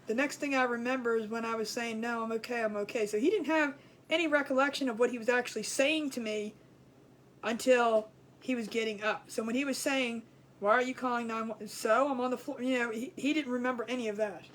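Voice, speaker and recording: A middle-aged woman, a craft show host, telling stories in a chatty, rambling, colloquial way that grows animated as she retells them. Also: on the high side, brisk, a little hiss or hum. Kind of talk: casual storytelling chat.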